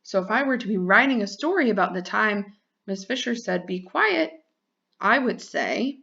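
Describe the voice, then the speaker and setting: A woman teacher giving a lesson to young children, speaking clearly and drawing out her words in a sing-song way. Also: medium pitch, animated, normal speed, pushed and bright, dull audio.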